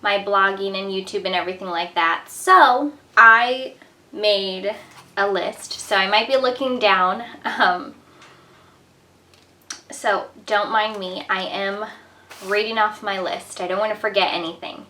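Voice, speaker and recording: A woman's voice: medium pitch, measured pace, pushed and bright. A young woman vlogger talking casually to the camera, chatty and full of "like" and "um". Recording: echoey room, mic at a distance.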